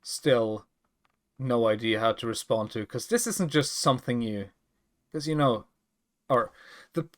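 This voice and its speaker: A man's voice: medium pitch, a little slow. Sex: man. Role: player. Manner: hesitant, thinks aloud. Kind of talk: tabletop role-play.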